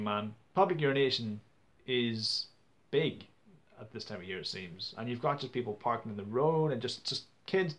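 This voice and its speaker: A young man, ranting to camera in a casual vlog, exasperated, with many stumbling restarts. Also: mid-range voice. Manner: exasperated, stumbling restarts, acts out quoted people loudly. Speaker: vlogger.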